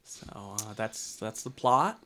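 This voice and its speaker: A man's voice: on the low side, expressive, slow pace, fairly bright tone. A man co-hosting a podcast, chatting casually and rambling with many hesitant ums. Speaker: podcast co-host. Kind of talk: casual chat.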